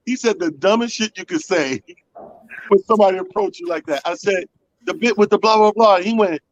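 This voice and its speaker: A man's voice: high-pitched, fairly quick, highs cut off. A man telling a comic story in casual talk, acting out the voices of the people in it. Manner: animated, acts out quoted voices. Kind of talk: comedic storytelling.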